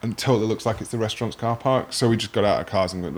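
A man's voice: lowish voice, racing, darkish tone, slight background noise. A man with a Yorkshire accent, hosting a podcast in easygoing casual chat, agreeing often. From Rotherham, England. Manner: easygoing, lots of agreeing fillers. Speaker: podcast host.

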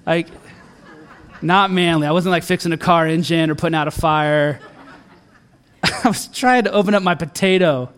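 Earnest high-voiced man, middle-aged, church sermon, swings between emphatic and quiet. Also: normal speed, long pauses, clean tone. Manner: earnest, builds to emphatic peaks then drops soft and low. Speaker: pastor.

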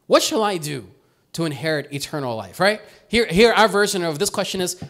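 A man preaching a sermon as pastor, in a conversational, animated way, often tagging "right?" and acting out quotes. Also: on the high side, brisk.

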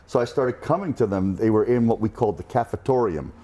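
A man's voice: fairly low pitch, fast, warm tone. A middle-aged man from New Jersey, a guest telling wry, self-deprecating stories in a casual interview.

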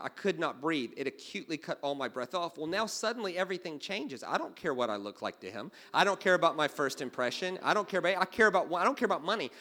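A man preaching a sermon, telling stories and swinging from quiet asides to loud exclamations. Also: a little high. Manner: storytelling, jumping from hushed to loud exclaiming. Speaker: pastor.

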